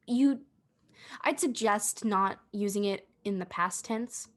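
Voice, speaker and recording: Young woman, drama student, deadpan teasing, casual chat, trails off and restarts. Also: medium pitch, takes it slowly. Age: young adult. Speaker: podcast co-host, drama student.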